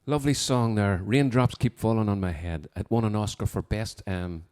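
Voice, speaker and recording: A man's voice: lowish voice, moderate pace, darkish tone, smooth. A man chatting casually between songs as host, rambling as he reads out requests and birthday wishes from a piano room at home. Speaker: host of a live music show.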